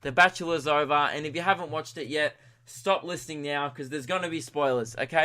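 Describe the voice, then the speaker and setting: Bright-voiced young Australian podcast host. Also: male voice, on the high side, a little fast, hardly any pauses. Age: early 20s. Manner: rambling, self-mocking, excitable. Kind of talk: comic storytelling monologue.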